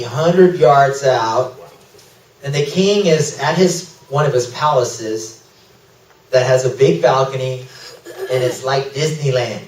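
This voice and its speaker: A man telling a mission story at a church fellowship in an animated way, laughing through the emotional parts. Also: on the high side, distant mic, slight background noise. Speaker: missionary speaker. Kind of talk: testimony talk at a fellowship. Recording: echoey room, speaker away from mic.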